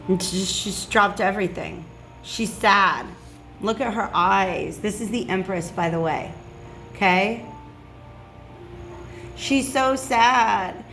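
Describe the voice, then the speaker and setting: A woman's voice: mid-range voice, slow pace, pauses often, a bit bright, faint music behind. A woman giving a casual tarot reading, chatty and reassuring, checking in with "okay?" often. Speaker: tarot reader.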